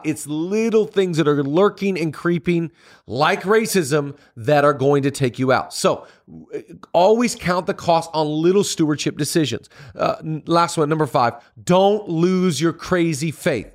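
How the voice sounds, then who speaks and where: A middle-aged man, a pastor and podcast host, giving an energetic motivational talk on leadership with emphatic, repeated phrases like a sermon. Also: fairly high pitch, a little slow. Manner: energetic preaching delivery with emphatic repetition.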